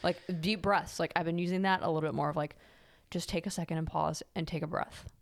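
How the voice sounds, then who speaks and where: Young female podcast co-host, lowish voice, blunt and candid. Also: fairly even intonation, fast, vocal fry. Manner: frank, candid, lightly self-mocking. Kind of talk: casual chat.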